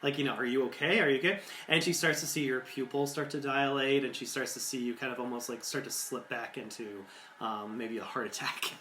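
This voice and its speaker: A man's voice: medium pitch, steady tone, brisk, sharp tone, slight background noise. A man narrating as game master of a tabletop game, rambling with many fillers. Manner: rambling, full of likes and ums. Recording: echoey room.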